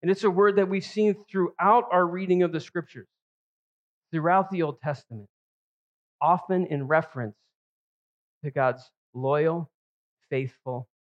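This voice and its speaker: A man's voice: a little high, a little slow, pauses often, dull audio. A male pastor preaching an expository sermon, stressing key words with rising emphasis.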